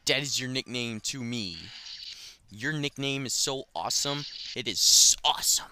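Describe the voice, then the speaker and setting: A young man giving casual let's play commentary, profane and excitable, shouting when he fails. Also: mid-range voice, measured pace, smooth, no room sound. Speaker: gaming commentator.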